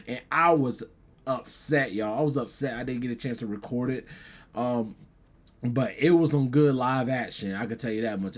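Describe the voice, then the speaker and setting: A man, hoarse from yelling, chatting casually to his vlog viewers and saying "y'all" again and again. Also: medium pitch. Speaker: gaming and convention vlogger.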